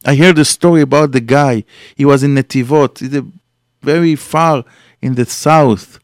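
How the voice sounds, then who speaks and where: Rabbi giving an animated class. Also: male voice, medium pitch, normal speed, no room sound, clean studio sound. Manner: animated storytelling with acted quotes, non-native English grammar. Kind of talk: Torah class.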